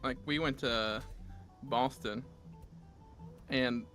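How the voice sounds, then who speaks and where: A man's voice: medium pitch, steady tone, extremely slow, pushed and bright, faint music behind. A man with a Southern US accent hosting a casual gaming stream, chatting and telling rambling stories. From Southern United States. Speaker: streamer host reading chat.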